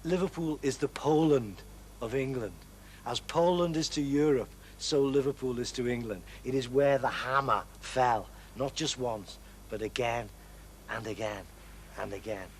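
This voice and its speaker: A man's voice: mid-range voice, unhurried, slight background noise. A man speaking rhetorically and emphatically in an interview.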